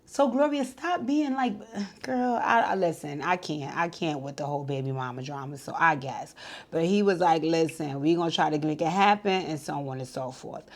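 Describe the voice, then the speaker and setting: A woman with a slightly low voice talks through a reality show episode in a loose, chatty way. She retells scenes with lively back-and-forth quotes and fillers, like she's catching up a friend. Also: normal speed. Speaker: TV show reviewer. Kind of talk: casual show recap.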